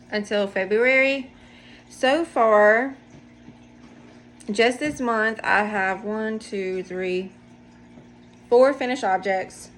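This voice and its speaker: A woman hosts a casual knitting video podcast from her home, rambling and poking fun at herself as she shows off her projects. Her voice is on the high side with a fairly bright tone, and there's slight background noise indoors.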